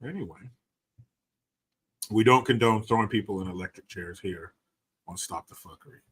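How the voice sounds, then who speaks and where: A man's voice: lowish voice, normal speed, a bit bright, husky. A man hosting a casual podcast, talking bluntly and loosely with lots of swearing. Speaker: podcast host.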